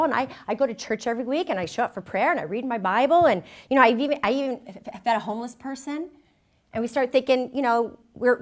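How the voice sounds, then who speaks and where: A woman giving a sermon, telling a personal story in an animated, self-mocking way. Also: on the high side. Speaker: speaker.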